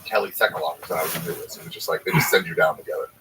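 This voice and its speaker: A man's voice: low voice, very fast, background noise. A man who is a stand-up comedian, telling rambling, profane anecdotes in casual chat. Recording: distant mic.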